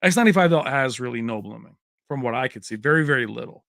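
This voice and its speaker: A man's voice: medium pitch, lively intonation, quick pace, gravelly, a bit bright, dry recording, studio quality. A man hosting a tech livestream in a casual, chummy way, chatting with viewers and calling them baby. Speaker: tech channel host.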